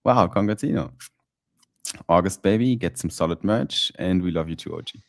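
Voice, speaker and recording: A man hosting a live stream and podcast, relaxed and chatty, often laughing and using fillers. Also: sits low, moderate pace, no room sound, studio quality. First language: German. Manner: laid-back, laughing, fillers. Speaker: podcast host. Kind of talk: casual live-stream chat.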